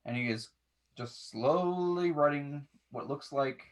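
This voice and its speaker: A man narrating as game master, talking in halting bursts with many restarts. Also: a little high. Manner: halting, full of restarts and fillers.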